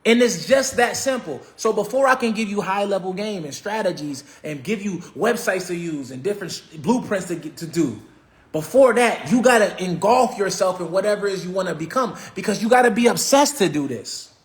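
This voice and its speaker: Emphatic high-voiced Philly coach. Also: male voice, animated, brisk. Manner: emphatic, repetitive, preachy. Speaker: real estate coach. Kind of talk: motivational livestream talk.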